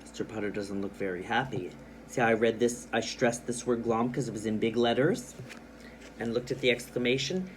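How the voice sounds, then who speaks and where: A male teacher reads a picture book aloud to young students. His mid-range voice puts stress on the big words and pauses at the dots, then settles into plain, patient explanation. A faint hiss sits under the recording. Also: medium pitch. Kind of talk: children's reading lesson, reading a storybook aloud.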